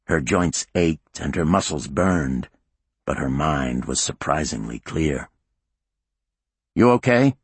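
A man narrating a thriller audiobook in a measured, grave storytelling manner. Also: very deep voice, breathy edge, no echo.

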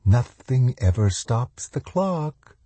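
A man's voice: high-pitched, very slow, vocal fry, darkish tone, slightly rough, dry recording, pitched above the performer's own voice, full character voice. A man voicing an evil shapeshifting male demon that sings in a merry sing-song like a little boy.

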